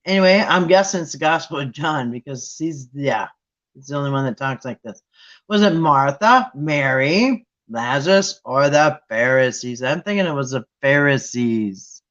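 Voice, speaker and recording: A man hosting a Bible trivia game with viewers, chatting casually and thinking aloud with restarts and sudden excited jumps. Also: mid-range voice, normal speed. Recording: dull lo-fi sound.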